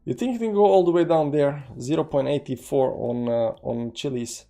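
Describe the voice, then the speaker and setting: A man's voice: a little high, moderate pace, gravelly, dark tone, soft background music. A man hosting a casual trading livestream with non-native accented English, rambling through charts and reading chat aloud with many fillers. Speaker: crypto trading livestream host.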